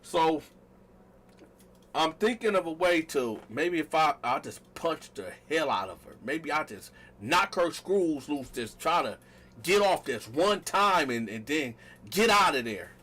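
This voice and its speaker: High, bright male storyteller, casual and animated, addresses the viewers directly. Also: unhurried. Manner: animated, talks straight to viewers, acts out quotes loudly. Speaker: storytelling vlogger.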